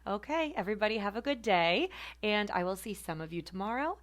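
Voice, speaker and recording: A woman teaching a phonetics class, speaking deliberately and repeating example words slowly to demonstrate them. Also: mid-range voice, expressive. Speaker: phonetics instructor. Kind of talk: recorded lecture demonstration.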